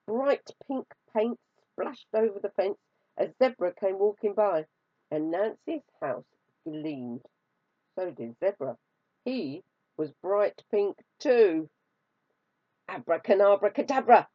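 A woman reading a children's storybook aloud, expressive and drawing out words for effect. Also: mid-range voice, slow pace, dry recording. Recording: dry, slightly dull recording.

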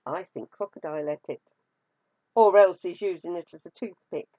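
A woman voicing a calm male hyena in a storybook read-aloud, easygoing and matter-of-fact. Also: fairly low pitch, moderate pace, dry recording, lightly acted. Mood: unbothered. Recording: dry, slightly dull recording.

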